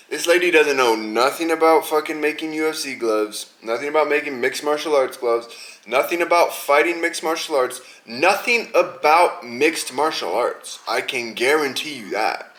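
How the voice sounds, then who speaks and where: A man hosts a podcast and delivers a heated, profane rant. His voice is sharp and bright, and he stays mocking and fired up throughout. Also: medium pitch. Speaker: podcast host. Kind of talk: angry rant.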